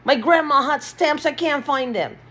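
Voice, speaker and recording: A woman's voice: high voice, normal speed, a bit bright. A woman in an agitated, repetitive vlog rant, swearing often, recorded in a small basement room. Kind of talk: ranting vlog monologue.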